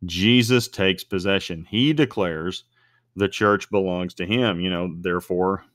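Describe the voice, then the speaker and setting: A man casually teaching on scripture in an explanatory way, often slowing down to stretch out key words. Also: low voice, fairly bright tone, dry recording, clean studio sound. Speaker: online commentator on faith and news.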